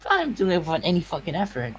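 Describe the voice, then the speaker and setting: A man's voice: sits high, wildly swooping pitch, quick pace, a little hiss or hum, low-quality recording. A man bantering casually on a stream, teasing and swearing freely. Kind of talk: casual chat.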